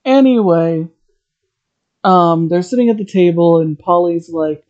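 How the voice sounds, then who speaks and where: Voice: medium pitch, measured pace, darkish tone, highs cut off. A podcast host recapping a TV episode in a chatty, rambling way, drifting into tangents.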